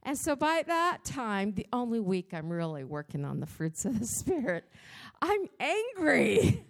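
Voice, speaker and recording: A woman giving a devotional church talk, telling a personal story in an animated, dramatic way, with her voice jumping up in pitch and loudness. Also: moderate pace. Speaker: church speaker.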